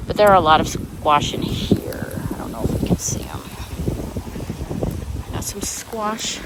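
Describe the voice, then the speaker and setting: A woman's voice: fairly low pitch, big pitch swings, measured pace. A middle-aged woman giving a casual walking tour of her backyard garden, chatty and self-deprecating as she points things out. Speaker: gardening vlogger. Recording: loud outdoor background noise.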